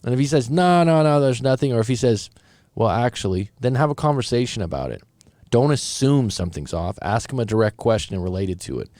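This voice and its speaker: A man's voice: on the low side, animated, brisk, darkish tone, no echo. A man, a breakup coach, reads out a viewer's story and comments on it in a casual, direct way, sometimes stumbling over his words. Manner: casual and direct, thinks aloud, some stumbles.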